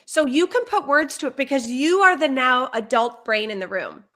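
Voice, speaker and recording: High, bright-voiced woman giving parenting advice. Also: moderate pace. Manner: animated, acts out what a parent or child might say. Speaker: parenting educator. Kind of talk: conversational advice on a live stream.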